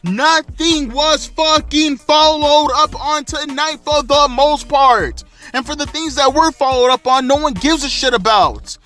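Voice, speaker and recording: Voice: high-pitched, unhurried, bright, forceful tone, faint music behind. A wrestling vlogger in an angry, profane, exasperated rant, delivering heated commentary. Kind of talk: ranting commentary.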